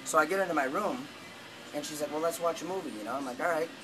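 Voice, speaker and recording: A man telling a long story in casual, rambling talk, with lots of swearing and animated retellings of what people said. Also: on the high side, fast talker, over music, rough recording.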